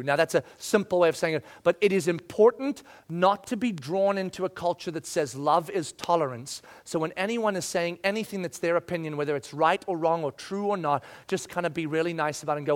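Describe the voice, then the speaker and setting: High-voiced pastor, animated sermon. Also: male voice, brisk, hardly any pauses. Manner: animated, swinging from loud to hushed.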